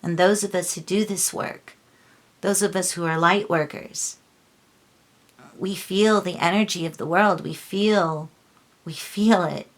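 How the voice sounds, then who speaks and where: A woman's voice: lowish voice, fairly even intonation, a little slow, long pauses. A woman from Los Angeles giving a tarot reading, talking in a heated, scolding way with lots of restarts. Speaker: tarot reader.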